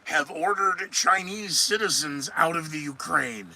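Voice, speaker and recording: On a low-quality recording, a podcast host with a slightly high, bright, forceful voice talks through the news alone at a measured pace. He rambles sarcastically, frequently talking back to himself.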